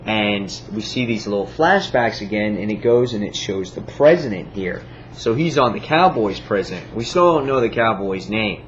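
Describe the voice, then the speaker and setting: A man with a lowish voice chats through a comic book review, eager and rambling, stumbling over his words and acting out bits of dialogue. The recording is dull and lo-fi with a faint hiss behind him. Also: animated, moderate pace, few pauses. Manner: enthusiastic, rambling with many fillers, acts out quotes. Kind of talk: casual video review.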